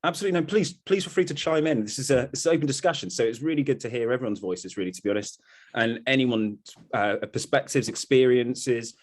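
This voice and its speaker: A man hosting an open group discussion over a video call, encouraging the others and thinking out loud, with many "you know" fillers. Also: medium pitch, quick pace. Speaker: discussion host.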